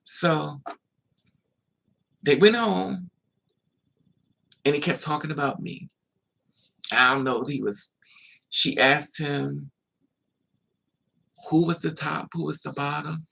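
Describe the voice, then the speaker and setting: A man's voice: a little high, slow pace, vocal fry, long pauses, sharp tone. A man casually telling a long personal story to the camera, chatty and digressive, with laughing asides. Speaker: vlogger. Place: indoors, at home.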